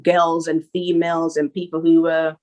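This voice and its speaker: A woman's voice: low-pitched, monotone, moderate pace, darkish tone, low-quality recording. A young woman with a London accent, chatting casually as an interview guest, laughing often and filling with "you know". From Northwest London, England. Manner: laid-back, laughs often, many "you know" fillers. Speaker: rapper guest.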